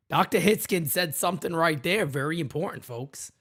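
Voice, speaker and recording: Animated, high-voiced podcast host man. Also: normal speed, few pauses. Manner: animated, hypes up callers, shouts catchphrases. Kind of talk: live show reading voicemails.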